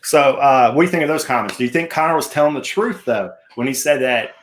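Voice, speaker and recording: Male host, casual sports chat, jokey, mid-pitched voice. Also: lively intonation, fast. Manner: chatty, jokey, asks co-host and viewers questions.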